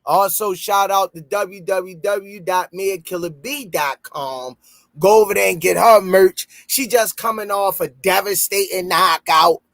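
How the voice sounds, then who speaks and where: A man with a Baltimore accent hosting a casual podcast and reading sponsor shout-outs, loud and playful, breaking into high shouts when he jokes. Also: a little slow, dry recording, faint music behind. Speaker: podcast host.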